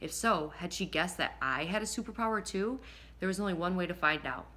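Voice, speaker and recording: Bright-voiced woman reading an audiobook. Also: fairly low pitch, a little fast. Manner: lively, expressive reading with occasional slips and rereads. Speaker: audiobook narrator. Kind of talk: first-person audiobook reading.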